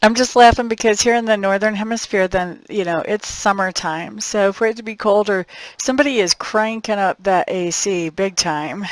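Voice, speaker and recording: A woman talks through a monthly tarot forecast in an easy, conversational manner. She laughs often and thinks aloud, trailing off and restarting as she reads the cards. Her voice sits at a middle pitch and sounds close and dry. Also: moderate pace, dry recording, low-quality recording. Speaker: tarot reader.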